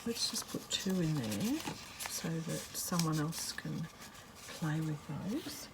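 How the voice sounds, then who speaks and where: A woman talks slowly and loosely as she crafts, rambling and cutting herself off with fillers. Her voice sits a little low. A steady hiss hums under the recording. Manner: rambling, chatty, self-interrupting with fillers. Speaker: craft vlogger. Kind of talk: casual chat while crafting.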